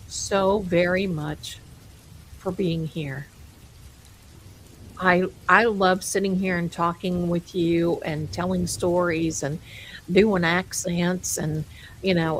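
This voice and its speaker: A woman with a lowish voice comes through a rough recording with a faint hiss or hum. Hosting a livestream, she chats casually and rambles, amused by her own jokes and calling viewers her darlings.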